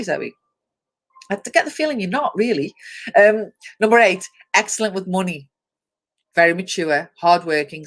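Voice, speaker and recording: A woman's voice: mid-range voice, a bit bright. A woman hosting a live online chat show, reading out traits and talking to viewers by name with frequent laughter. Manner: chatty, reads lists aloud, talks to viewers by name; laughs often, explains step by step. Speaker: host.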